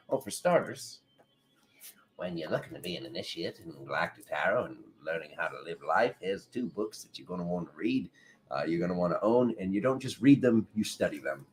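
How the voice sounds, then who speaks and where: Just awake, a man hosts a spiritual tarot live stream, chatting playfully and greeting viewers by name in casual talk. His voice is deep, very animated, and a little fast.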